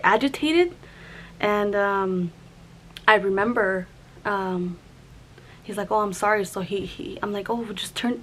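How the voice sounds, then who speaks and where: A young woman vlogger telling a personal story to camera in a halting, conversational way, with many restarts and fillers. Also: medium pitch, slight background noise, rough recording.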